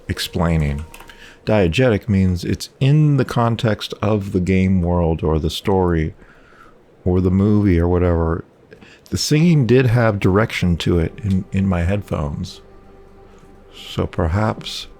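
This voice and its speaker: A man's voice: sits low, a little mellow. A man casually commenting on a game he is playing, rambling and wry, talking back to the characters. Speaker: gameplay commentator. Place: home.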